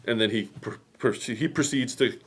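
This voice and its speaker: A man hosting a quilt shop stream, telling a history story in a rambling, animated way with many fillers and asides. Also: mid-range voice, normal speed. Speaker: host.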